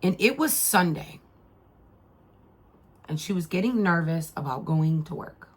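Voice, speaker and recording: A woman's voice: lowish voice, animated, a little slow, breathy edge. A middle-aged woman telling a family story in a casual vlog, rambling and heartfelt, with many fillers and restarts. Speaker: mother and vlogger.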